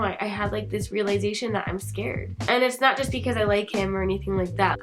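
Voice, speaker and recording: Chatty young woman vlogger, music behind. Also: mid-range voice. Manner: candid, chatty, swears a lot. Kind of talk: casual storytime vlog.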